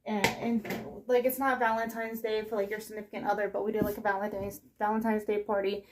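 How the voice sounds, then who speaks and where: A woman's voice: mid-range voice, flat delivery, brisk, a little hiss or hum. A young woman chatting casually while doing chores, rambling and breathless, recorded in her kitchen. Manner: rambling, self-interrupting, scatterbrained. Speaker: vlogger. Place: home kitchen, indoors.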